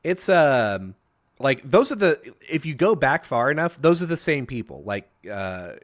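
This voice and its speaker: A man co-hosting a podcast in casual chat, rambling with lots of fillers and animated storytelling. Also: mid-range voice, normal speed. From Cajun family, mother from Louisiana. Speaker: podcast co-host.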